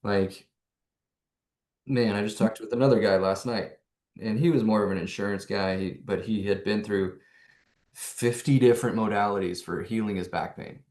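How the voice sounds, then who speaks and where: Man, low-pitched, animated, rhetorical, coaching talk, roomy echo. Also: moderate pace. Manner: rhetorical, asks himself questions, energetic. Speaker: neuro coach presenting to hosts.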